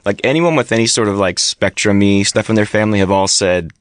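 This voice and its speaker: Man, podcast guest, brisk earnest storytelling, lowish voice. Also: no echo, studio quality. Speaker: guest, documentary filmmaker. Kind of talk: podcast interview.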